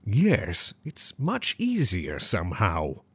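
A sheepish grown man in a storybook, admitting things in a low, quiet voice, as a narrator puts him on. His husky tone is recorded close and dry. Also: wildly swooping pitch, slow pace, no echo, full character voice. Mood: relieved.

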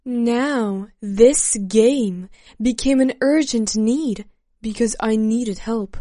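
A woman slowly narrating a first-person memoir in a measured storytelling manner. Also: on the high side, mellow, no room sound, clean studio sound.

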